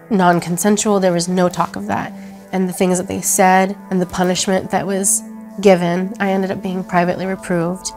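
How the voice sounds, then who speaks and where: A young woman speaking in a documentary interview, recounting her experience in a soft, halting way. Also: on the low side. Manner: soft, halting, emotional retelling. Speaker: interviewee, abuse survivor. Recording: faint music underneath.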